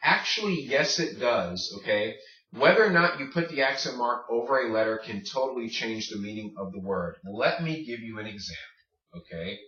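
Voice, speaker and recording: A man teaching a casual language lesson, patient, repeating words slowly and checking in with "okay?". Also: mid-range voice, animated, sharp tone. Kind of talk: casual classroom-style lesson. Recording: roomy, distant, dull lo-fi sound.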